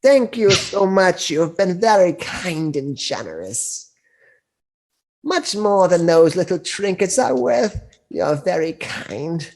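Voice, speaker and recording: A slow, sugary old crone with a lifted, quavering pitch, all gratitude and gentle coaxing while she peddles her wares. She lingers on each word. A man puts her on for a tabletop game. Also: big pitch swings, gravelly, full character voice. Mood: grateful. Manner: slow, drawn-out and sweetly grateful. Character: kindly, sly old crone who crafts cups.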